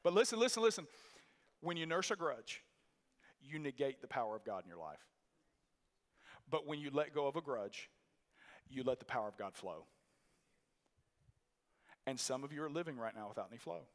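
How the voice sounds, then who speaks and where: A man's voice: mid-range voice, expressive, normal speed, pauses often, a bit bright. A male pastor preaching a sermon in a church, emphatic and repetitive, telling a story with many restarts. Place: church sanctuary. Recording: long reverb of a church hall.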